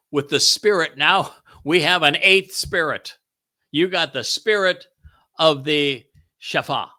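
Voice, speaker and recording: A man's voice: a little high, bright, forceful tone. A man hosting a scripture study, preaching in an emphatic, sarcastic way and often laughing mid-sentence. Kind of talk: animated preaching commentary.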